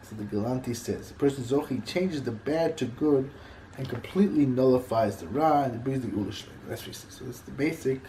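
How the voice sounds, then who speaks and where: A man giving an informal Torah class, talking in halting bursts that repeat and restart his phrases. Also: mid-range voice, mellow, echoey room, slight background noise, rough recording. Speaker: Torah teacher.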